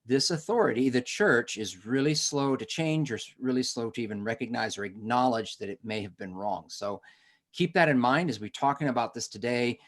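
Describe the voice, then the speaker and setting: A man's voice: medium pitch, fairly quick, a bit bright. A man teaching a history lesson in a conversational way, with asides and self-corrections. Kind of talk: lesson on a recorded webinar.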